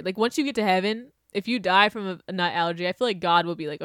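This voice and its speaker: A woman's voice: mid-range voice, expressive, quick pace, hardly any pauses, bright, forceful tone, smooth, no echo, clean studio sound. A young woman hosting her own show, ranting casually and sarcastically, laughing often and breaking into exaggerated outbursts. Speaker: podcast host. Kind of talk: casual opinion rant.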